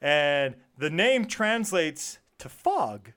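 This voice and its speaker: A man's voice: on the high side, sing-song, extremely slow, a bit bright, smooth. A man hosting a casual chat, introducing bands and tripping over names. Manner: easygoing, stumbles over names. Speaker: show host. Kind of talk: casual radio-style chat.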